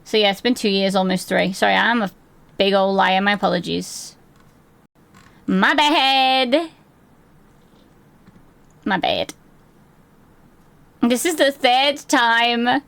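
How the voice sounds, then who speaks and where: Her mid-range voice is gravelly yet a bit bright, clear and resonant, at a normal pace with no echo. A woman in her twenties, she streams from home, chatting casually, reading chat aloud, swearing freely, and laughing at herself easily.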